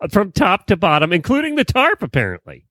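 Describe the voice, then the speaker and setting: A man from Florida co-hosts a casual podcast, his voice moving lively up and down. He makes wry asides and laughs easily, recorded dry and close. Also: high-pitched, a little fast, no echo. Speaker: podcast co-host. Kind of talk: casual chat.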